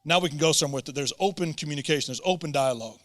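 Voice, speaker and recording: A man's voice: fairly high pitch, rapid-fire, fairly bright tone. A man preaching a sermon as a pastor, earnest and emphatic, often repeating words as he presses a point. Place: church auditorium. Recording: long church hall reverb.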